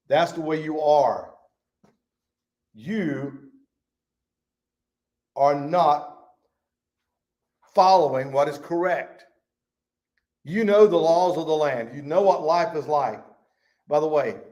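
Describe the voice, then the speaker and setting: A man's voice: fairly high pitch, lively intonation, moderate pace, pauses often, darkish tone. A man teaching a Bible study in a folksy, emphatic way, reading scripture aloud.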